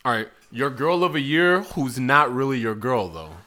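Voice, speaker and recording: A man's voice: mid-range voice, very animated, moderate pace, sharp tone. Playful man, laughing as he asks. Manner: playful, laughs often while asking. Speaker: podcast host reading questions. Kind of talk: casual chat.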